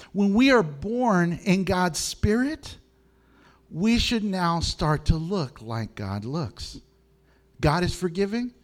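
Middle-aged male pastor, high-pitched and animated, preaching with frequent laughs. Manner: animated, laughs often, swings from low to high. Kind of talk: sermon.

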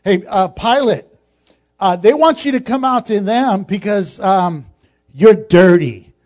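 A man's voice: high voice, measured pace. A male preacher playing an exasperated palace guard who sounds incredulous and sarcastic.

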